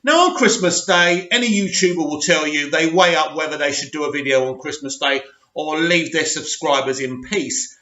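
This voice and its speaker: A man's voice: on the high side, moderate pace, pushed and bright. A man hosting his own channel, reading and mocking an article in a sarcastic, scornful rant. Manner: sarcastic, scornful, laughs often. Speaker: channel host. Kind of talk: ranting reaction commentary. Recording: echoey room, dull lo-fi sound.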